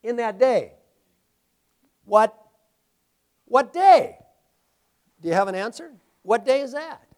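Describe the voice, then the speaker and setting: A middle-aged man preaching a sermon, swinging between loud, emphatic declarations and quiet, hushed storytelling. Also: very high-pitched, lively intonation, fairly quick, few pauses, clean tone. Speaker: pastor.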